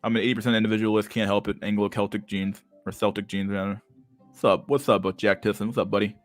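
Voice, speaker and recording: A man's voice: lowish voice, flat delivery, fast talker, faint music behind. A young man hosting a livestream and reading chat, talking in a crude, slangy, casual way and laughing often.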